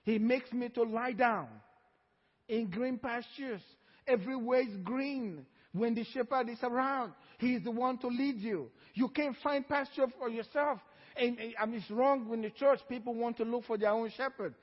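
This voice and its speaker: A man's voice: extremely high pitch, in a large hall, dull audio. A man preaching a sermon as pastor, drawing out key phrases and calling on the congregation to answer. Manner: preaching with call-and-response, drawn-out emphatic phrases. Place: church hall.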